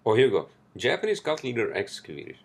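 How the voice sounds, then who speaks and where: A man's voice: medium pitch, wildly swooping pitch, quick pace, slightly rough. Man ranting profanely on a podcast. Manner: profane, ranting, rambling with restarts; reads a news article aloud. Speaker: podcast host. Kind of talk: solo podcast rant.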